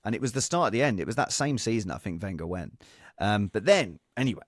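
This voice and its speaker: A man, a comedian guest, tells stories in an animated, rambling way. His voice is lowish and sounds dry and close. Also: fast talker, dry recording. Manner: animated storyteller, many fillers and restarts. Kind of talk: casual podcast chat, telling anecdotes.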